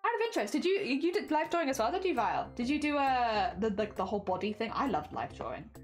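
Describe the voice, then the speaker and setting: Young british girl chatting on stream while crafting, fairly high voice, self-deprecating, lots of oh dears. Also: sing-song, fast, soft background music. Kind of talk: casual chat while crafting.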